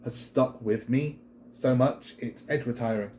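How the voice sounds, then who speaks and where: A man's voice: mid-range voice, unhurried, slight background noise. A British man co-hosting a wrestling chat show, talking casually and rambling with lots of fillers. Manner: rambling, filler-heavy, animated.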